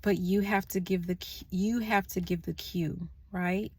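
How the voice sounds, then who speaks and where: A woman in an indoor room delivering a channeled spiritual message into a phone, speaking softly and earnestly, sometimes dropping to a hush. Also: fairly low pitch, steady tone, slightly rough. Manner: slow, soft-spoken and earnest, trailing into hushed tones.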